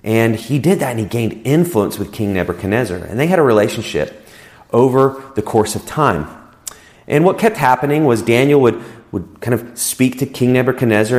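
A man's voice: mid-range voice, darkish tone. A man giving a conversational sermon as a pastor, explaining scripture in an easygoing way and often repeating words as he goes.

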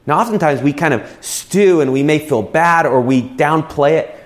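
A man's voice: a little high, normal speed. A man preaching a sermon as a pastor, conversational and telling personal stories. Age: adult with children.

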